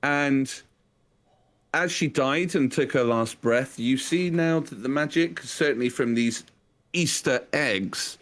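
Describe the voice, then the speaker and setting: A man's voice: medium pitch, slow, fairly bright tone. Man narrating as game master. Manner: chatty, dramatic narration with restarts.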